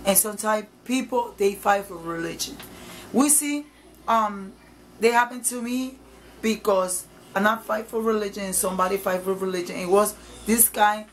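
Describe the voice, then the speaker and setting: A woman's voice: medium pitch, normal speed, slight background noise, low-quality recording. A woman evangelist preaching informally to camera, emphatic and repetitive, in nonstandard English.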